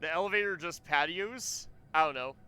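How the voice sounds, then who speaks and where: Bright-voiced, joking male game streamer. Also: on the high side, moderate pace, smooth. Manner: rambling, joking, often laughing. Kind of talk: casual gameplay commentary.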